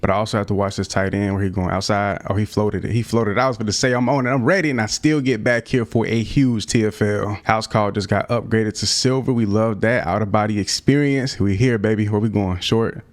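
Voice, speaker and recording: A young man giving casual, slang-filled play-by-play of his own football video game, out of breath at times and prone to loud excited outbursts. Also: on the low side, a little fast, hardly any pauses. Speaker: gaming YouTuber. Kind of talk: live gameplay commentary.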